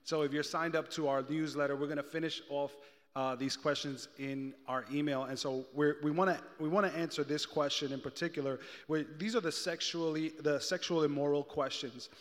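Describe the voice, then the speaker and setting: A man's voice: on the high side, steady tone, brisk. Upbeat male church host, echoing hall. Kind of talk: hosting a church Q&A.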